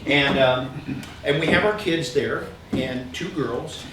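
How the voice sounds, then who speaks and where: A middle-aged man telling funny personal stories on stage, animated and self-mocking, often laughing. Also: medium pitch, slow. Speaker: storyteller. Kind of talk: live comic storytelling. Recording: echoey hall, far mic, noisy.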